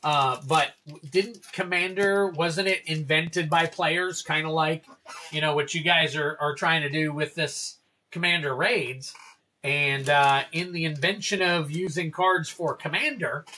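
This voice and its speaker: A man's voice: fairly high pitch, steady tone, measured pace, sharp tone, a little hiss or hum. A man hosting a casual card-opening livestream, chatting freely and reading card names and prices aloud to his viewers.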